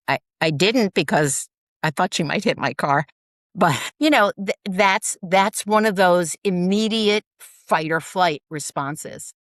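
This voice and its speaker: A woman co-hosting a podcast, retelling an everyday story in a lively, animated way. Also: on the low side, no room sound, studio quality. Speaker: podcast co-host. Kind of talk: casual chat.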